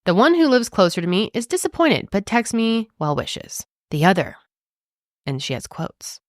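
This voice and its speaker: A woman co-hosting a podcast, chatting casually and reading a forum post aloud in an animated way. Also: mid-range voice, normal speed, dry recording, clean studio sound. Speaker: podcast co-host.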